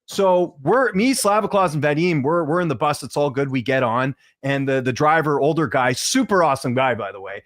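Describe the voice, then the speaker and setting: Man, from Canada, rapid rambling storyteller, dry close sound. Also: a little high, no echo. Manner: animated, fast rambling storyteller with many fillers. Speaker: guest commentator. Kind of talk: casual storytelling on a podcast.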